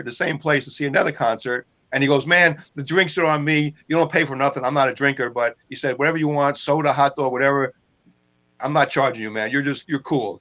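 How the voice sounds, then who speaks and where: A man's voice: mid-range voice, fairly bright tone, rough recording. A man co-hosting a casual podcast, telling long rambling anecdotes and laughing at his own jokes. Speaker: co-host.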